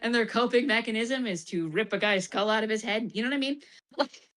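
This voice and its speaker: A woman's voice: fairly high pitch, fairly quick, a bit bright. A woman streamer chatting casually about a game, laughing often and acting out the characters' lines in bursts.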